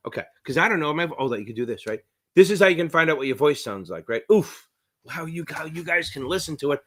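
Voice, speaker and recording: Bright-voiced, rambling New Jersey man. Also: a little high. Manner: rambling, profane, excitable. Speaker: exam prep tutor. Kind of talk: live-stream Q&A.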